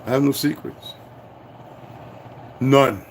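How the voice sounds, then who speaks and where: A man's voice: mid-range voice, slow pace, slight background noise. A man hosting his own channel, mixing a blunt, profane rant with reading a text aloud, recorded at home. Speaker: channel host.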